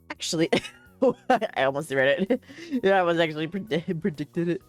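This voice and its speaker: Rambling young woman streamer, low voice. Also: very animated, measured pace, soft background music. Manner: rambling, frequent "like" fillers, laughs often. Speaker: streamer reading a visual novel aloud. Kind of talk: casual live-stream chat and reading.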